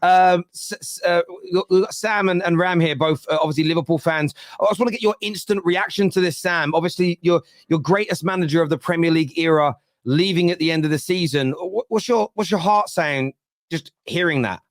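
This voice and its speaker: A man hosting a casual football fan show, brisk and taking charge of the talk. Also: a little high, dry recording, studio quality. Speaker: show host. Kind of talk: casual podcast chat.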